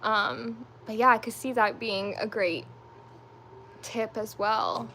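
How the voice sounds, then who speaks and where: A woman's voice: on the high side, fairly even intonation, takes it slowly, pushed and bright, slight background noise. A young woman at home chatting casually with viewers while doing her makeup, rambling with lots of fillers. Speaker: lifestyle livestream host.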